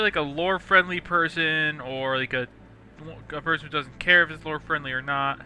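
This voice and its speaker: A young man casually rambling through gameplay commentary, chatty and quick to laugh. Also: a little high, fairly even intonation, pushed and bright, soft background music. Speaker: let's play host.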